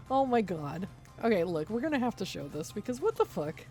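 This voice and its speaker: A woman's voice: medium pitch, sing-song, moderate pace, darkish tone, faint music behind. A woman streamer giving heated, profane, sarcastic commentary on a livestream while reading through a document.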